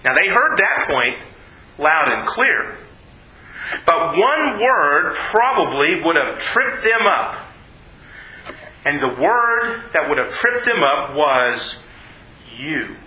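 Man, preacher, sermon, high voice, unhurried, emphatic, echoey room. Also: sing-song, sharp tone. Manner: emphatic, repeats words, drops low and slow for key phrases.

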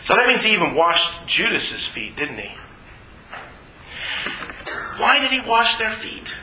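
Male pastor, animated sermon delivery, high voice, roomy church acoustics. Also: unhurried, noisy background. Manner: animated preaching, acts out voices in Bible scenes.

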